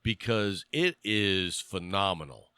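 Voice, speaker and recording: A man's voice: sits low, lively intonation, slow, bright, forceful tone, clear, resonant tone, no room sound, clean studio sound. A middle-aged man co-hosting a podcast, chatting loosely and joking with lots of fillers after a bourbon. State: has had some bourbon. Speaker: podcast co-host. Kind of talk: casual chat.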